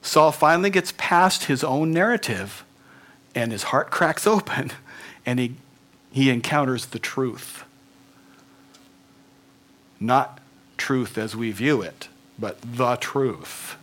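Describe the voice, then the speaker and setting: A male pastor giving an animated sermon, laughing often and sinking to near whispers at times. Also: mid-range voice, slow pace, pauses often.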